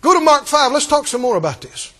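A man with a very high, lively voice preaches an emphatic, rousing sermon and keeps calling out to his congregation. His voice rings out with the long reverb of a large hall. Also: fairly quick.

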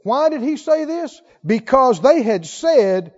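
A man preaching a sermon in a church, fervent and emphatic, swinging from loud to hushed. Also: very high-pitched, big pitch swings, takes it slowly. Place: church sanctuary. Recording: lo-fi recording with long hall reverb.

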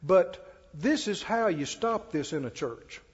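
A man's voice: sits high, lively intonation, measured pace, breathy edge. A male pastor preaching a sermon in a folksy, conversational way, with chatty asides. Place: church sanctuary. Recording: dull-toned, echoey church hall.

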